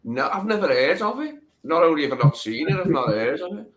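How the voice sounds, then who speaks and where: A man's voice: a little high, sing-song, fairly quick, crowd noise. A man, chatting casually and agreeably on a live stream. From Liverpool, England.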